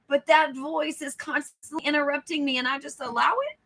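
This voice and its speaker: A woman's voice: high voice, fairly quick. A woman hosting a book club, reading aloud casually, acting out lines, laughing, and checking in with listeners. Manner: animated, acts out the inner voice, laughs often. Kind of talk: live book club reading with chat asides.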